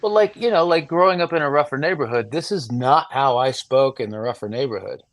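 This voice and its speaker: A man guest on a casual podcast, talking in an animated way, swearing freely and filling with "like.". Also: medium pitch, brisk, no echo. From Northern California. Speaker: actor guest.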